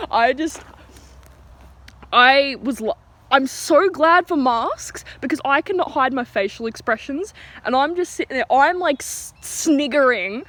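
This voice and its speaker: A teenage girl with an Australian accent tells a storytime rant outdoors. Her voice sits high and jumps around a great deal in pitch. She talks in a chatty, giggly way, full of fillers and restarts. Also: lively intonation, measured pace, fairly bright tone. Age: teens. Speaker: vlogger.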